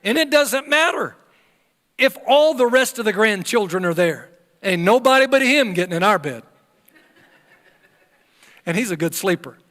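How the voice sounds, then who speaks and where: Older preacher man, high bright voice, acts out the bible story, big echoey church hall. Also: expressive, moderate pace, pauses often. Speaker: pastor. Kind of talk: sermon. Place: church sanctuary.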